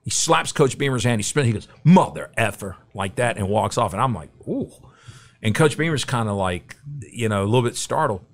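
A middle-aged man with a low voice, a guest on a podcast. He spins a story in easy conversational chat. He slips into little voices for the people he quotes. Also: fast talker, hardly any pauses. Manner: animated, acts out quotes. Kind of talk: casual anecdotal storytelling.

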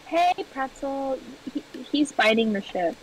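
Woman streamer, slightly high voice, deadpan playful banter, faint background hiss. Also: unhurried, far from the mic, low-quality recording. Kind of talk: casual gameplay chat.

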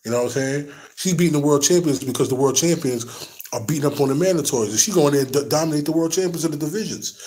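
A man's voice: fairly high pitch, fast talker, darkish tone, rough recording. A man hosting a boxing talk show, chatting casually and with slang straight to his viewers from his workplace. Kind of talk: casual boxing commentary vlog.

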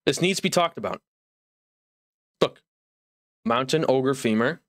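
A man's voice: mid-range voice, lively intonation, a little slow, no room sound, clean studio sound. A young man streaming live from home, ranting in mock outrage with lots of exasperation.

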